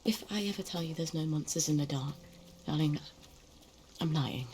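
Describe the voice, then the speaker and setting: Une actrice au anglais qui joue une femme lucide et ironique dans un jeu vidéo. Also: female voice, deep voice, moderate pace, darkish tone, slight background noise, natural voice. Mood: wry. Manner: dry, matter-of-fact muttering to herself. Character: wry, resolute woman in a dystopian town. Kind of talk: video game dialogue.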